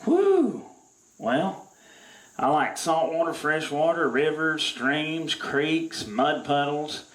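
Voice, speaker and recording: A man's voice: a little high, steady tone, takes it slowly, fairly bright tone. A man from Louisiana, holding a comedic mock press conference in a rambling, drawling way full of fillers. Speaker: self-proclaimed outdoorsman at a mock press conference. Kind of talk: deadpan comedic monologue. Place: barn. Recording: echoey room.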